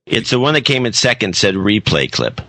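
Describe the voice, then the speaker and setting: A man's voice: on the low side, very animated, brisk, sharp tone, no room sound. A man co-hosting a casual podcast, blunt and insistent. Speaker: podcast co-host. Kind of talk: casual chat.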